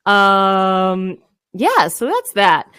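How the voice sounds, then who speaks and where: Woman podcast co-host, casual chat, animated lively pitch, laughs often, dry sound. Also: very slow, clear, resonant tone, dry recording. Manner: lively, laughs often, reads posts aloud.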